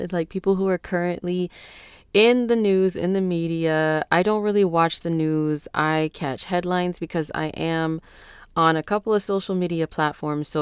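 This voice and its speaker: Low-voiced, just-woken astrologer woman, loose and chatty. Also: clean tone, dry recording. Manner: loose and chatty, rambling with slang. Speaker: astrologer and channel host. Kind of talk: casual unscripted vlog talk.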